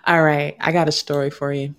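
A woman's voice: deep voice, darkish tone. A woman co-hosting a casual chat show, laughing often, joking crudely and reading a news story aloud. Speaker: podcast co-host.

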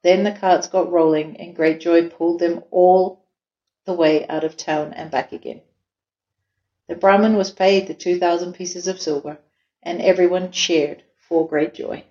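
A woman hosting and slowly reading a children's story aloud in a gentle way. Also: fairly low pitch, steady tone. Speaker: storyteller host. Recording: echoey room, dull lo-fi sound.

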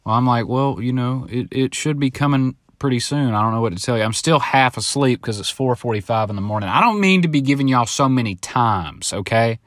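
Casting note: man in his thirties, solo podcast host, rambling and profane, average pitch, dry close mic. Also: fairly quick, hardly any pauses, no echo. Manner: rambling storyteller, swears freely, acts out other voices in quotes. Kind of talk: casual solo podcast monologue. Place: home, now living in Southern California.

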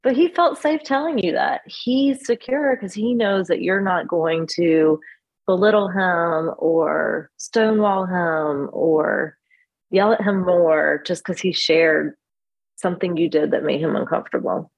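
A woman's voice: fairly low pitch, a little slow, poor audio. A woman therapist on a podcast, speaking candidly and reassuringly, often laughing. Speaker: therapist guest. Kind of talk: casual podcast chat.

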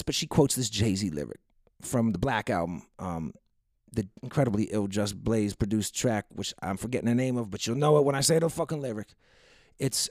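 A man rambles through a personal story with wry asides and frequent swearing. His voice sits a bit higher than most men's, and the sound is dry and close with no room around it. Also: darkish tone, no room sound. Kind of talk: casual anecdote monologue.

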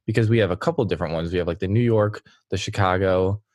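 A young man co-hosting a podcast in a fairly low voice, friendly and easygoing, often pausing on "um" and "uh". He is recorded close on a dry mic with no room sound. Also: a little mellow, dry recording, muffled recording. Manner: friendly, hesitant with "um" and "uh". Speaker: podcast co-host. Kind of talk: casual podcast interview.

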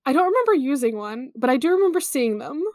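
A woman's voice: sits high, big pitch swings, quick pace, dark tone, no echo. A woman co-hosting a podcast in casual chat, playful and giggly, with lots of fillers. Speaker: podcast co-host.

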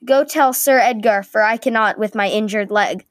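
A woman's voice: medium pitch, moderate pace, dry recording, clean studio sound, close to an everyday voice. A woman voicing a blunt young male watchtower guard with an injured leg, calling out across the walls. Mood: urgent. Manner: shouted across distance.

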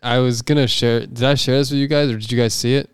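A man's voice: medium pitch, fairly even intonation, fast, smooth, no echo, studio quality. A man co-hosting a podcast, telling a sports story in a rambling, hesitant way. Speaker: podcast co-host. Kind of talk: casual chat.

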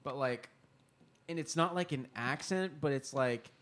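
A man's voice: medium pitch, measured pace, fairly bright tone. A young man co-hosting a casual podcast, rambling through long stories. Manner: rambling, meandering explanations. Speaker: podcast co-host.

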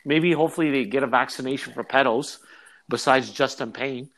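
A man hosting a casual podcast, telling stories in animated slangy talk and quick to laugh. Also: mid-range voice, a little hiss or hum, low-quality recording. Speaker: podcast host.

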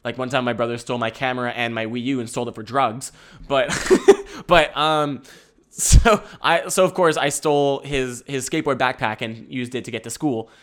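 With a mid-range, fairly bright voice, fairly even intonation, and a moderate pace, a young man from Canada rambles through a comic story. He curses freely, laughs often, and drops in self-mocking remarks.

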